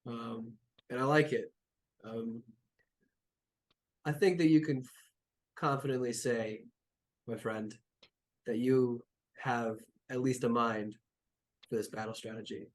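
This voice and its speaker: A man's voice: mid-range voice, steady tone, slow, pauses often. A man narrating as game master of a tabletop game, talking casually with lots of fillers and the odd swear word.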